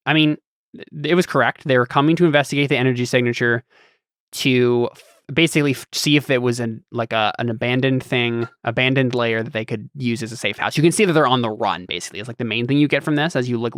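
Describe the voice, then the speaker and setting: A man's voice: medium pitch, fairly bright tone, clear, resonant tone, dry recording, clean studio sound. A young man running a tabletop game as game master, hesitant and full of ums and restarts.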